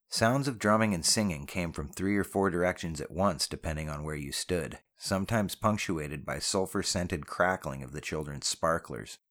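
A man with a very deep voice narrating a novel. His reading is steady and even, with a calm storyteller's pacing. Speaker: audiobook narrator. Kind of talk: scripted narration.

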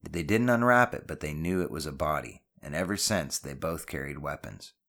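A man narrating an audiobook with steady, measured storytelling. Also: very deep voice, gravelly.

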